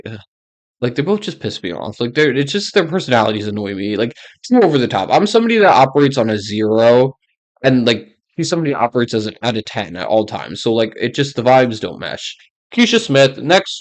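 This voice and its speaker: A young man talking casually as a YouTuber, ranking reality show players with blunt, ranting opinions and many fillers. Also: mid-range voice.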